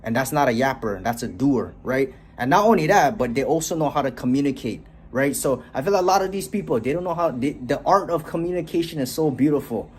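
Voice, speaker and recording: A man's voice: mid-range voice, lively intonation, brisk, hardly any pauses. A young man ranting casually and bluntly to camera about communication, swearing often and tagging "right?" onto his sentences. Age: young adult. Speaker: motivational vlogger. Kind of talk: casual motivational rant to camera. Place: bedroom, then walking outdoors on a street.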